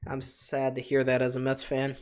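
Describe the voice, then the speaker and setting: Guy doing casual live play-by-play for his stream chat, chatty and loose, mid pitch. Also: monotone, normal speed, darkish tone, clean tone. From Buffalo area, USA. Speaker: livestream host. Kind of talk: live play-by-play reaction commentary.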